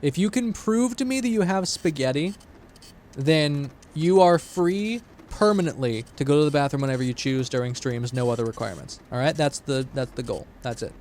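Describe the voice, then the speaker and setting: A man streaming a game, talking in an excitable, rambling and jokey way to his chat. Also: on the high side, moderate pace, slight background noise. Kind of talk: gaming livestream chat.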